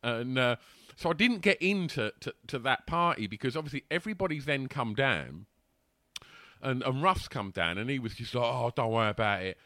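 A man's voice: mid-range voice, moderate pace, no room sound, clean studio sound. A man telling a rowdy anecdote in casual chat, laughing and acting out the voices. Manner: animated, laughing, acts out voices.

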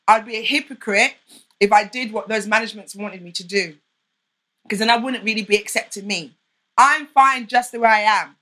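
A woman's voice: medium pitch, pushed and bright. A young woman who is a podcast guest, talking openly and emphatically in a candid interview. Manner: open, heartfelt, emphatic.

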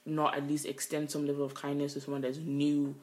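A woman's voice: deep voice, monotone, fairly quick, darkish tone. A woman co-hosting a podcast, telling a workplace story in casual chat, swearing freely. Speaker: podcast co-host. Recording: roomy echo.

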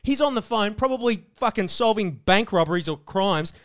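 A man playing a loud, crude segment host who rants with mock outrage. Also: high-pitched, lively intonation, normal speed. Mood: ranting. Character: loud foul-mouthed male segment host with a grudge.

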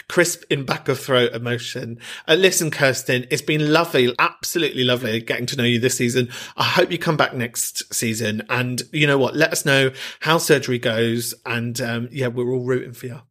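A man's voice: medium pitch, brisk, hardly any pauses, fairly bright tone. A man hosting a podcast, talking in an effusive, chatty, self-mocking way. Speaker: podcast host. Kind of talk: casual chat.

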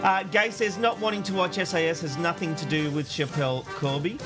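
A man's voice: on the high side, steady tone, brisk, over music. A man co-hosting a casual chat show, reading listener comments aloud and joking and laughing often. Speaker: co-host reading listener feedback.

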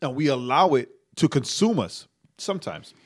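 Young guy on a church podcast, rambles, stutters, says "right?" a lot, mid-pitched voice. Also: sing-song, moderate pace, a little mellow. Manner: rambling, tags sentences with "right?"; stammering restarts. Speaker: podcast co-host. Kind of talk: casual faith podcast chat.

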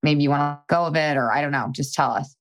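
Speaking fast in a deep voice, a woman podcast host coaches a listener frankly and chattily. She swears casually and says "like" constantly.

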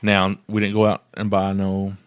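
A man's voice: low voice, monotone, normal speed, clean tone, no room sound. A man in his thirties co-hosting a casual chat, easygoing and bantering. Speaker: podcast co-host.

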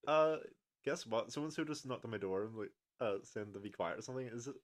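A young man with a mid-range voice co-hosts a casual podcast, speaking a little fast as he tells stories with lots of laughter. He's an animated storyteller in an indoor room with his co-host.

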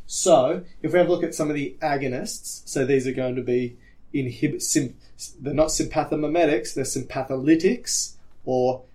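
A man with a mellow, medium-pitched voice co-hosts an educational podcast at normal speed, explaining topics step by step and stopping to check that his partner is following.

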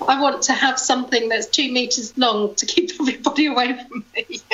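A woman's voice: high voice, a little fast, fairly bright tone, highs cut off. A woman co-hosting a local podcast, chatting casually, telling anecdotes and laughing easily. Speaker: podcast co-host. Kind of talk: casual chat.

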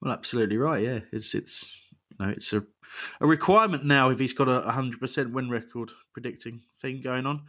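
A man with a mid-range, somewhat bright voice speaks briskly while hosting a podcast panel. It's casual chat, and he's jokey and rambling, often laughing at himself.

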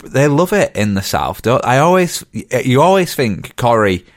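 A man's voice: mid-range voice, very animated, measured pace, no echo, clean studio sound. A man, rambling through a story in casual podcast chat. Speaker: podcast co-host.

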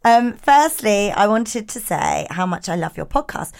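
A woman in her thirties co-hosting a casual podcast, animated and laughing as she reads listener messages. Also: mid-range voice, a little slow, creaky. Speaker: podcast co-host. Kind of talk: casual chat.

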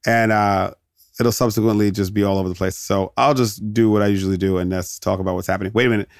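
Gravelly-voiced man rambling jokily. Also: on the low side, fairly even intonation, fast, no echo, studio quality. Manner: jokey, digressive, laughs often. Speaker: podcast host. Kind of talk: casual rambling commentary.

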